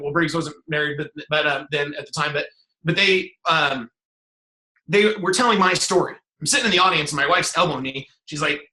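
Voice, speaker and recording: A man's voice: a little high, sharp tone, roomy sound, low-quality recording. A middle-aged man giving a casual motivational talk as a guest speaker on a video call, rambling with many fillers and restarts, and swearing bluntly. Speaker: guest speaker, business coach.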